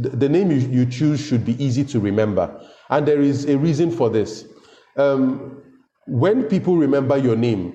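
A man's voice: mid-range voice, dark tone, roomy sound, muffled recording. A man hosting a solo business podcast, talking unscripted and often repeating words as he thinks. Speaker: podcast host.

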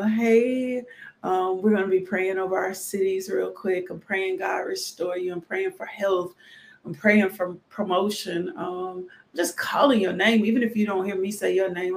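Fervent woman, gravelly voice. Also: medium pitch. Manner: fervent, calls out viewers' names and cities. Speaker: host of a live devotional. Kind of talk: live-streamed devotional and prayer.

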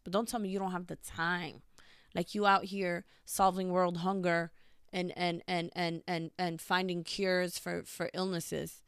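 A woman's voice: on the low side, gravelly, a bit bright, clear, resonant tone, no room sound, studio quality. A young woman hosting a talk show, speaking bluntly and emphatically in a casual monologue. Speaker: podcast host.

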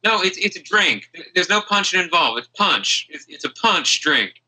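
A man's voice: sits high, big pitch swings, normal speed, sharp tone, slightly rough, pitched above the performer's own voice, heavily acted, poor audio. A man voicing a hungover, friendly female dwarf warrior who chats and rambles gratefully. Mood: explaining.

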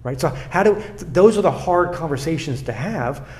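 Speaking in a somewhat high, expressive voice with a darkish tone and moderate pace, this South Florida pastor tells stories during an interview. He's earnest and tends to repeat words as he drives a point home.

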